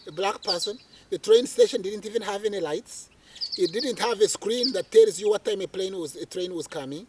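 A man from Uganda, an interview guest telling a story in conversation. He is animated and repeats phrases for emphasis. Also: sits high, brisk, background noise.

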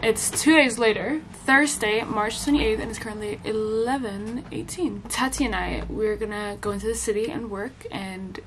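A young woman in her twenties vlogs her day in a loose, chatty way, laughing easily and swearing now and then. Her voice sits a little high, with a faint hiss of noise underneath. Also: moderate pace, hardly any pauses. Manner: chatty, giggly, swears casually. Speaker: vlogger. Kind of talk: casual vlog chat.

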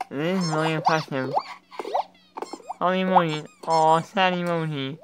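A man giving reaction commentary, talking along casually and breaking into loud, excited exclamations. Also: a little high, measured pace, pauses often, slight background noise, poor audio. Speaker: reaction video creator.

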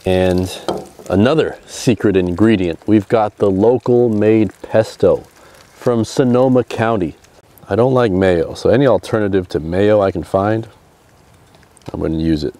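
Upbeat male outdoor vlogger, low and warm, talking through his cooking on the shore. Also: a little slow, dry recording. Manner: upbeat, chatty, narrating as he cooks. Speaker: fishing vlogger. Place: outdoors on a seashore.

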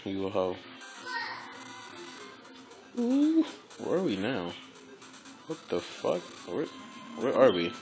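A man giving casual, excitable gameplay commentary, swearing, laughing and repeating phrases. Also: lowish voice, rough recording.

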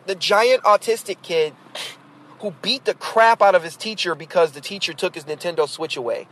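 Blunt, high-voiced man ranting. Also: moderate pace, fairly bright tone. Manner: blunt, exasperated, rambling with many fillers. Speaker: podcast host. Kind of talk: ranting monologue.

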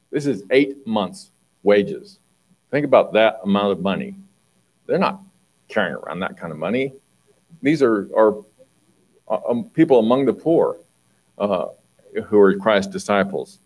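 A man preaching a conversational sermon, reading Bible passages and explaining them, often clearing his throat. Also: mid-range voice, low-quality recording.

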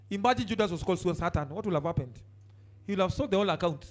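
A man preaching a sermon, jumping from shouted outbursts to quiet asides and telling the congregation to turn to their neighbors. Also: high-pitched, very fast. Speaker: pastor.

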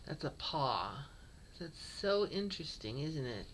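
A woman's voice: deep voice, very animated, unhurried, a little hiss or hum. A woman cat breeder narrating a casual home video, cooing baby talk at kittens.

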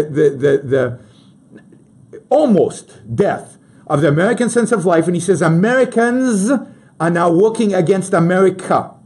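A man hosts a political talk show and delivers emphatic commentary straight to his audience. His voice sits high and a little husky, and his pitch swings widely as he pushes each point, often stopping to restart a sentence. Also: a little mellow. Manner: emphatic, addresses listeners directly, many restarts.

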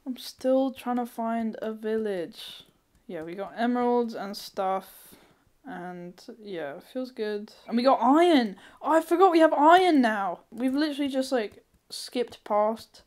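A woman giving casual let's-play commentary, thinking aloud, swearing freely and breaking into sudden excited squeals. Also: fairly high pitch. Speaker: gamer.

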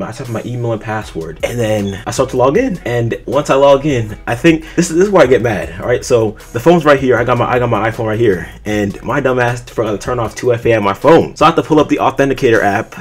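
A young man telling a story to camera in a casual storytime vlog, animated and swearing freely. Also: medium pitch, quick pace, few pauses, breathy edge, faint music behind. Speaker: gaming YouTuber.

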